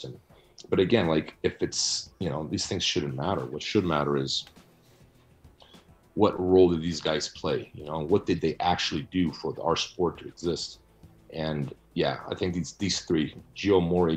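A middle-aged man answering interview questions about his research, blunt and animated as he argues his points. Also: rumbling low. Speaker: guest, researcher and author.

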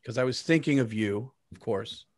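A man's voice: mid-range voice, moderate pace, no room sound, studio quality. A man hosting a podcast, telling a comedic story with profanity and acted-out quotes. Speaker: podcast host.

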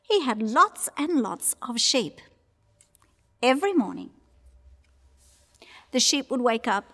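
A woman telling a Bible story to children, animated and acting out sounds and voices as she goes. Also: on the high side, unhurried, pauses often, long reverb tail.

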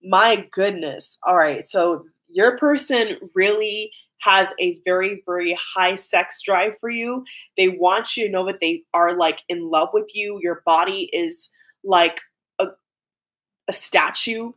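A woman's voice: mid-range voice, slow, a bit bright. A woman giving a casual pick-a-card tarot reading, chatty and full of fillers like "like" and "um". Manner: chatty, filler-heavy, breaks into laughs.

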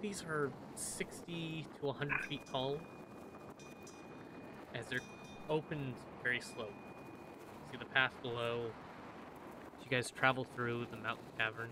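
A man's voice: mid-range voice, fairly even intonation. Man narrating as game master. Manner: slow, descriptive narration. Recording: noisy room recording.

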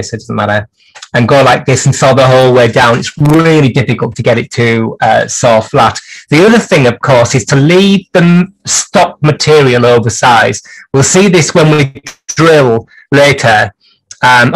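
A man's voice: mid-range voice, fairly bright tone, low-quality recording. A man teaching clock repair on a livestream, rambling and thinking aloud as he works at his bench. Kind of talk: live workshop demonstration.

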